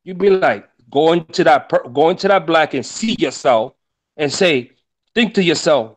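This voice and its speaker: This man's voice is fairly high and expressive, moving at a normal pace. He's a rideshare driver speaking on a panel, offering casual motivational talk that turns into emphatic, preachy life advice laced with plenty of swearing.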